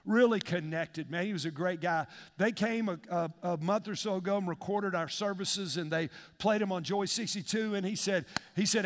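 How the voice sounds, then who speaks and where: A man's voice: high voice, moderate pace. A man preaching a fervent, conversational sermon and repeating phrases as a pastor. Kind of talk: sermon with altar call. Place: large church auditorium. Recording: long reverb of a big hall.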